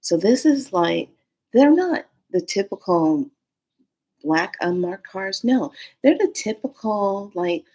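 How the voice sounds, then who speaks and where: A husky-voiced woman vlogger spinning an animated, slangy story. She acts out the quotes as she goes, in a mid-pitched, casual manner. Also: slow.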